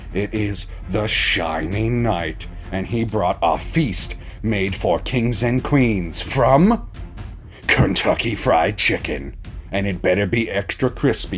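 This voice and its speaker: A man giving a casual, profane and mocking recap of a TV episode as a reaction reviewer. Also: on the low side.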